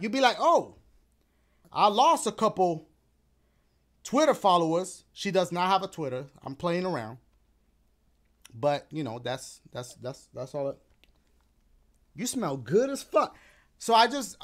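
Laid-back man with a lively, high voice. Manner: laid-back, rambling, playful slang. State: a little out of breath. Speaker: gaming YouTuber. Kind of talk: casual outro chat to viewers and his dog.

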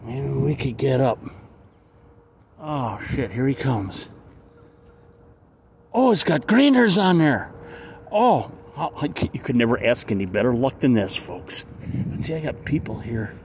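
A man vlogging outdoors beside railroad tracks, muttering to himself between excited exclamations as trains pass. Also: mid-range voice, unhurried, vocal fry, pauses often. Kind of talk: casual handheld vlog narration. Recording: outdoor noise of passing trains. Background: passing freight train and city ambience.

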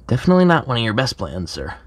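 A performer voicing a hesitant magician sidekick to a villain king in a plush toy comedy skit, stammering, with a lively pitch. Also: rapid-fire. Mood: doubtful.

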